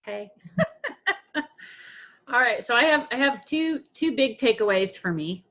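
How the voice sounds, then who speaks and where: A woman's voice: a little high, animated, takes it slowly, fairly bright tone, lo-fi sound. A woman sharing an emotional testimonial on a group call, tearful and laughing as she speaks. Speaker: program participant.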